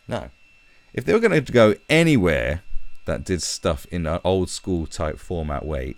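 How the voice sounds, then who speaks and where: Deep-voiced British man ranting profanely. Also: vocal fry, no room sound. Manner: profane, animated, heated. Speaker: live streamer. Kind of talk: ranting live-stream commentary. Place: his own room.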